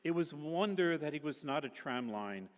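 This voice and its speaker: A man reading a novel aloud at a public literary festival, expressive and characterful, shifting his voice between narration and the people in the story. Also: on the high side, normal speed, long reverb tail.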